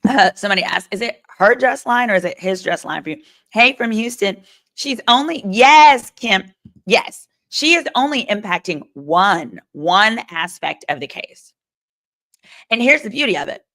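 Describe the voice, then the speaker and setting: Sassy woman lawyer live-streaming, gravelly. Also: medium pitch, expressive, moderate pace, a bit bright. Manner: chatty, sassy asides to the chat. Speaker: lawyer host of a live legal commentary stream. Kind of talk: live-stream commentary reading chat.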